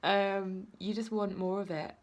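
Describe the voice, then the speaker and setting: A woman's voice: fairly low pitch, steady tone, normal speed, darkish tone. A woman giving an intuitive card reading to her viewers. She talks in a chatty, rambling way, full of "like" and "you know", and she encourages the viewer directly. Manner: encouraging, speaking straight to the viewer. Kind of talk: casual card-reading vlog.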